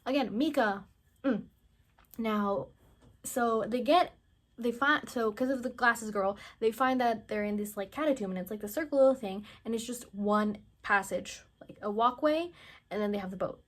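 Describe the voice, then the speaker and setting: A woman's voice: on the high side, moderate pace. A woman casually recapping a film plot, rambling and chatty with lots of "like" and blunt, mocking asides. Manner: rambling, chatty, heavy use of "like", acts out characters' lines. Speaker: movie reviewer.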